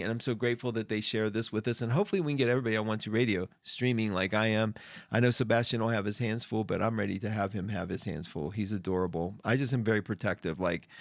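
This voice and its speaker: A middle-aged man talks straight into a studio mic in a dry, close sound, hosting a live stream. He is chatty and effusive and greets viewers by name. His voice sits at a middle pitch and swings up when he gets excited. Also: dry recording. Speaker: astrology show host. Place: indoor room.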